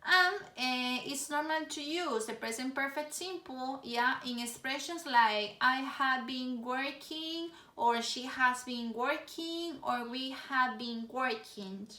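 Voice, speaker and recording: High bright woman teaching. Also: recorded from a distance. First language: Spanish. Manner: explains slowly, tags "yeah?" after points. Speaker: English teacher. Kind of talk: online grammar lesson. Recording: echoey room, voice off-mic.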